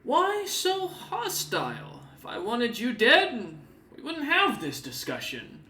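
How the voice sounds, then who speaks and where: A man's voice: very high voice, huge pitch swings, takes it slowly, bright, forceful tone, roomy sound, pitched above the performer's own voice, exaggerated voice. A game master voicing a dapper, smug male demon merchant with cat ears, condescending and mock-friendly.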